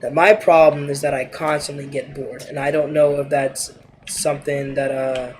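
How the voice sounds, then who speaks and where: A man's voice: mid-range voice, level tone, moderate pace, a little mellow, a little hiss or hum. A man streaming a game and chatting casually, talking in a hesitant, rambling way with lots of fillers. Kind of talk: casual chat while gaming.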